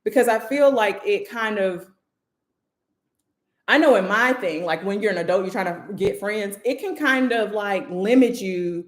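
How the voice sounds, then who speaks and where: A woman's voice: mid-range voice, unhurried. Chatty woman hosting in an echoey room. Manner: loose, chatty, full of "like" fillers. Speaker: host and moderator. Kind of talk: casual livestream discussion.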